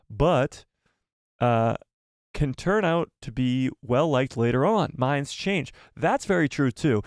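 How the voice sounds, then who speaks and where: A man hosting a live stream, chatting casually and excitedly with his viewers and jumping between topics. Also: medium pitch, no echo, studio quality.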